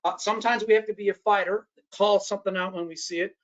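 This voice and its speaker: A man's voice: sits high, steady tone, fast. A man tells a story in a workshop presentation. He stops often on "uh, uh" and keeps asking the audience "right?" The sound is muffled, like lo-fi webinar audio. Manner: storytelling, frequent "uh, uh" and tag questions "right?". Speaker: workshop speaker.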